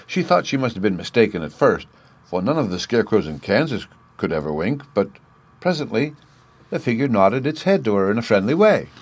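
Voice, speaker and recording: A man narrating a classic children's book in an expressive storytelling manner. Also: fairly low pitch, fairly quick, slightly rough.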